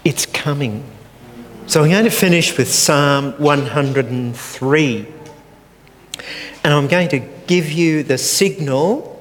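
An older man delivers a sermon slowly and earnestly. His voice sits a little high. The sound carries a long church hall reverb with faint room noise behind it. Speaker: preacher.

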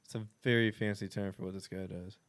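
A man's voice: on the low side, fast. Profane man telling a story animatedly. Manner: profane, animated, acts out quotes with laughs. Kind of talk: casual storytelling chat.

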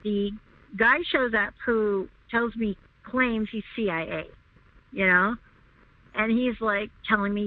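A woman recounts a personal story as an interview guest. She talks emphatically and circles back over her points. Her voice sits at a medium pitch and comes through a dry, tinny phone line. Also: steady tone, slow pace, no room sound. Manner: emphatic, repeats herself, rising pitch when upset.

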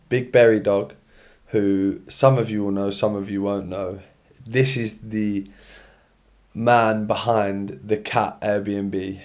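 A man's voice: on the low side, a little mellow. Tired, slangy young man. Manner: chatty, slangy, rambling. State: tired, yawning. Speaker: podcast host. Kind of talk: solo podcast chat. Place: his own room. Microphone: own podcast mic.

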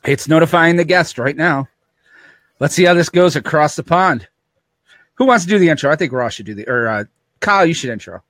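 Lively male host, slightly high voice, quick jokes, dry close mic. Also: no echo. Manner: wisecracking and lively. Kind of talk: casual chat, podcast. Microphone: video call.

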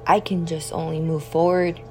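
A woman speaking slowly in an emotional personal monologue, grieving and tearful, often dropping to a near whisper. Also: deep voice, little pitch movement, mellow, slight background noise. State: tearful, in grief.

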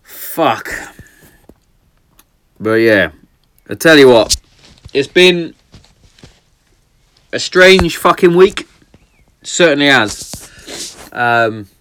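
A middle-aged man hosting a casual solo podcast from his shed, swearing often, going off on tangents, swinging between loud laughing outbursts and quiet reflection. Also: medium pitch. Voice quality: heavy swearing, rambling and tangent-prone. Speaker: podcast host. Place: garden shed.

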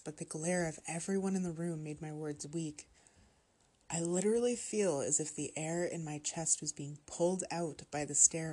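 A woman narrating a horror story in a steady, measured reading voice. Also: low-pitched, husky.

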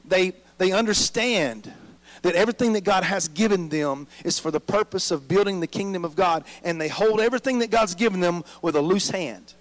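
High-voiced preaching pastor, man. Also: normal speed, low-quality recording. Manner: call-and-response preaching, frequent "amen?" prompts. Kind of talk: sermon.

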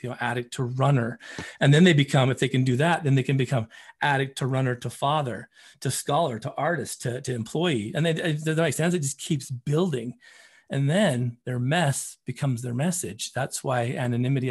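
A man, a running coach, telling stories as a podcast guest in an animated way, often repeating words as he gets excited. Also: medium pitch, slightly rough. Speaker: running coach and program founder.

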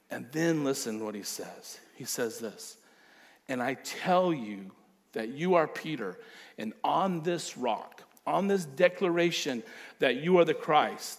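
A male pastor preaching a sermon, emphatic, with repeated phrases and acted-out quotes. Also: a little high.

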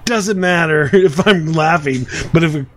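A man's voice: fairly high pitch, a little slow, slight background noise. A man in his thirties hosting a casual podcast chat, telling stories with lots of restarts and fillers. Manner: rambling, frequent restarts and fillers. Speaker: podcast host.

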